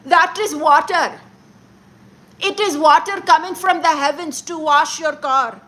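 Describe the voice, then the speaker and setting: A mocking, exasperated male podcast host, as a woman puts him on lectures his viewers on a comedy livestream. The voice sits high and rings bright and sharp. He scolds in a lecturing tone. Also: a little slow. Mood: scolding.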